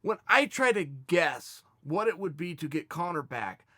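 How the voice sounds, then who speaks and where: The host of a fan Q&A show, a man with a high, very bright, forceful voice, speaks a little slowly as he tells stories and shares opinions. He's animated and chatty, acting out scenes with quoted lines. The audio is close and dry, without any echo.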